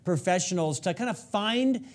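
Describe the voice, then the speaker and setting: Man, high-pitched, interview host, playful questions. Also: animated, moderate pace.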